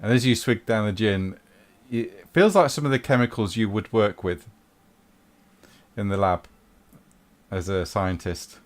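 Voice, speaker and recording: A man's voice: fairly low pitch, unhurried, long pauses. Easygoing man narrating a game. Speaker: game master.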